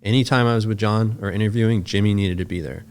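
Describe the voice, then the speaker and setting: A man's voice: fairly low pitch, steady tone, fast talker. A man, a podcast guest, telling a long story in casual, loose speech full of filler words and swearing.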